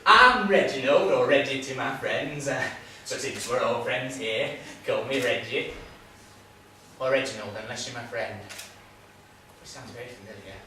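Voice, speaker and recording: A man's voice: mid-range voice, normal speed, distant mic, natural voice. An actor playing a cheery, muddled, forgetful man who rambles and repeats himself. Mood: befuddled. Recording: echoey room from afar, noisy.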